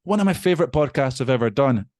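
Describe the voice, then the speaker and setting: A man of ordinary pitch chats as a podcast guest. He talks in an animated way, throws in light swearing, and laughs at his own slips. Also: quick pace. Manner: chatty and animated, swears casually; self-deprecating, laughs at himself. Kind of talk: casual chat.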